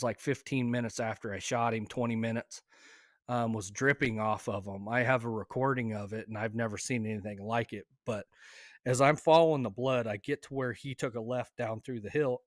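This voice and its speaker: A man casually telling a hunting story, emotional and halting, with many fillers and restarts. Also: mid-range voice, dry recording, studio quality. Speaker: hunter telling his story.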